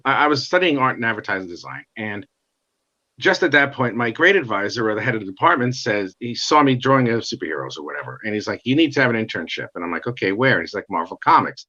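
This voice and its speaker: A middle-aged man telling his life story in a casual interview, animated and acting out the voices of others. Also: mid-range voice. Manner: animated, acts out quoted dialogue. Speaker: guest comic artist. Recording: dull lo-fi sound.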